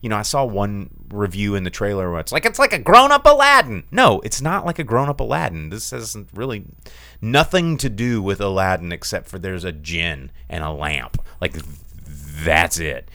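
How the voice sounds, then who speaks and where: Animated low-voiced man reviewing films. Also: normal speed, dry recording, clean studio sound. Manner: animated, swooping pitch, many fillers and restarts. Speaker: film review podcast host. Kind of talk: casual film review chat.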